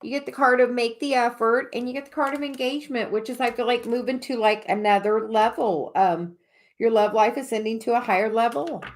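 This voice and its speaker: A woman's voice: on the high side, fairly even intonation, a little fast. A woman giving oracle card readings on a casual livestream, rambling with many fillers and restarts.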